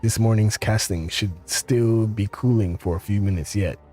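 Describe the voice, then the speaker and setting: Man reading a cultured game tinkerer, pleasant, courteous, low dark voice, faint music behind. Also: lightly acted. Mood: polite. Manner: courteous, measured, faintly ironic. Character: cultured polite male tinkerer in trench coat.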